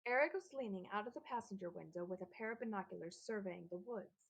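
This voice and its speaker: A woman narrating a children's novel aloud, telling the story in a steady, lightly animated way. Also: mid-range voice, quick pace, gravelly, husky, low-quality recording. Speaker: audiobook narrator.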